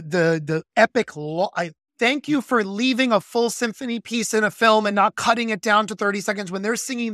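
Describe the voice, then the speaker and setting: An enthusiastic podcast co-host who teaches music, chatting about a film and rushing through asides. The delivery is gushing and animated. The recording is dry and close, with no room sound. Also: medium pitch, creaky, no echo. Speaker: music educator and conductor. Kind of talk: casual film discussion.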